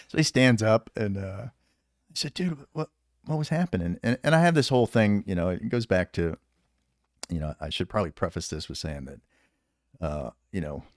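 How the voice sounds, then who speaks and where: In a casual podcast interview, an American former special operations soldier tells rambling, profane stories and laughs often. His low-pitched voice comes through a clean studio recording with no room sound.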